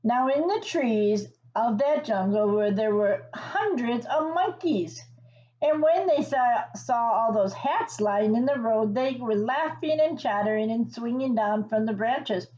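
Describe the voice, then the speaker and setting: A woman reading a picture book aloud to children, pausing to ask them questions and explain words. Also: on the high side, lively intonation, lo-fi sound. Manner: gentle teacherly asides and questions to the listener. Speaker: children's story reader.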